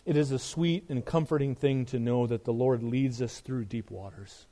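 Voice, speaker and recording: A middle-aged male pastor preaching a sermon, emphatic, asking rhetorical questions and dropping to a soft, earnest tone. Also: medium pitch, fairly even intonation, normal speed.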